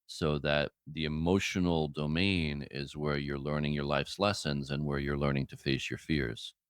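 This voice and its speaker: A man co-hosting an interview, explaining ideas calmly. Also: rumbling low, normal speed, clear, resonant tone, no room sound, clean studio sound. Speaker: co-host. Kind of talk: casual conversational interview.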